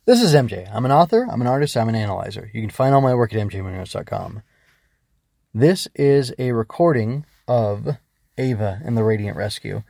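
A male author hosting his own podcast, reading aloud and chatting in between with plenty of hesitant fillers. His voice sits low with a gravelly fry, and the recording is dry and close. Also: animated, fairly quick, mellow, dry recording. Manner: hesitant, filler-heavy asides. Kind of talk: story reading and podcast outro.

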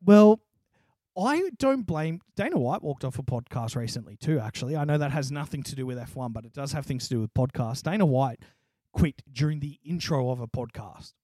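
A man's voice: mid-range voice, fairly quick, dry recording, clean studio sound. A young man co-hosting a podcast, telling stories with lots of swearing and laughter. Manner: laughing, animated storytelling, swears freely. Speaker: podcast co-host. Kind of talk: casual chat.

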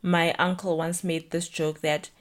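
A woman's voice: lowish voice, little pitch movement, measured pace. A young woman hosting a solo podcast, talking chattily and reflectively with lots of "like". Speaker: podcast host.

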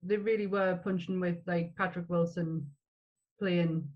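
A woman's voice: lowish voice, steady tone, a little slow. Brief: woman, podcast co-host, chatty, restarts a lot, dull lo-fi sound. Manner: chatty, many restarts and fillers. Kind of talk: casual film chat.

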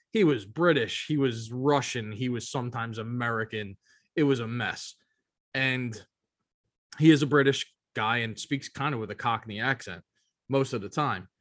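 A man's voice: mid-range voice, measured pace, a bit bright, dry recording, studio quality. Rambling, emphatic male podcast co-host. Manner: rambling, emphatic, frequent "you know what I mean". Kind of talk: casual chat.

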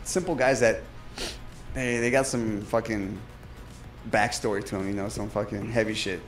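A man's voice: fairly low pitch, steady tone, moderate pace, faint music behind. A tipsy man co-hosting a podcast, rambling through casual chat with lots of filler words and swearing. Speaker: podcast co-host.

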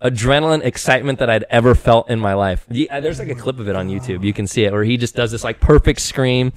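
A man in his thirties, a podcast guest in casual chat, telling stories with growing excitement and bursting into shouted quotes. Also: medium pitch, quick pace.

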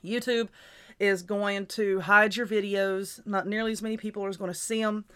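A woman's voice: mid-range voice, fairly even intonation, moderate pace, a bit bright, clean tone. A woman hosting her own show, giving casual, reassuring advice in a chatty, repetitive way while stifling hiccups. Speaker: YouTuber and podcast host.

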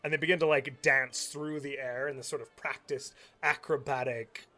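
Bright-voiced man narrating a tabletop game. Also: mid-range voice, steady tone, normal speed, soft background music. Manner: descriptive, with many fillers. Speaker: game master.

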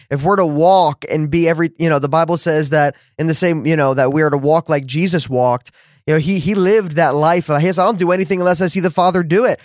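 A male podcast host with a fairly high voice talks in a casual, affirming way and tells his story in bursts. The recording is dry and close-miked. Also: dry recording. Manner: affirming, lots of mm-hmms, storytelling. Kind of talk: casual conversation.

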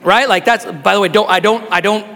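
A very high-voiced man preaching with bright, forceful intensity to his congregation. He builds phrase by phrase into shouts, repeating and restarting as he pushes his point. His voice rings out with a long reverb tail in a large hall. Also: fairly even intonation, brisk, gravelly. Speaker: pastor. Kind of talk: sermon. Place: church sanctuary with a live congregation.

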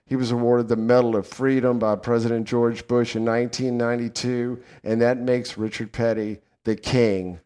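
A middle-aged man with a Southern American accent, co-hosting a casual talk show, animated and fond of swearing and laughing. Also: mid-range voice, moderate pace, few pauses, clean tone. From southern United States. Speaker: podcast co-host. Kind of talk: casual chat.

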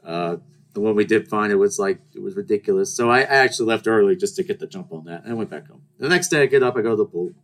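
A man's voice: on the low side, rapid-fire. A young man hosting a casual storytelling podcast, rambling and joking with restarts and mock-outraged rants. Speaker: podcast host.

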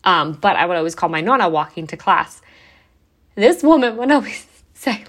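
Podcast host: young woman, lowish pitch, casual rambling delivery full of "like", occasional swearing. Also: lively intonation, moderate pace. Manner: chatty, heavy use of "like", swears casually.

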